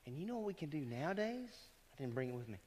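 A man's voice: on the high side, sing-song, rapid-fire, darkish tone. A male pastor delivering a conversational sermon in a church, often asking the congregation questions. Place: church sanctuary. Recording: church hall reverb.

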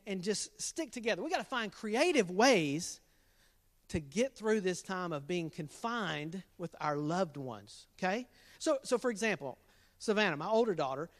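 Joking middle-aged man in a hall. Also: high-pitched. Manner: jokey, teasing, laughs at his own jokes. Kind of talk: playful dad jokes to an online youth group.

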